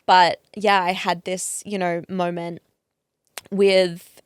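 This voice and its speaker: A woman's voice: lowish voice, level tone, slow pace, smooth, no room sound, studio quality. A woman, a podcast guest telling personal stories openly and emotionally, with lots of fillers. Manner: open, emotional storytelling with many fillers. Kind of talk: casual chat.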